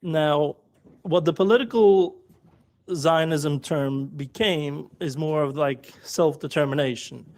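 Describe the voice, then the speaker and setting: A man with a Yiddish accent, a guest in a live audio discussion, explaining patiently and deliberately. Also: on the high side, a little mellow. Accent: Yiddish-accented English. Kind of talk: measured explanation. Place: live audio chat room.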